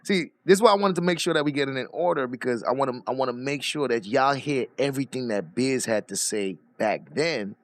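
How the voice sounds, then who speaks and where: A man hosting a live stream, reacting to clips with animated, mocking, profane commentary. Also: medium pitch, a little fast, few pauses.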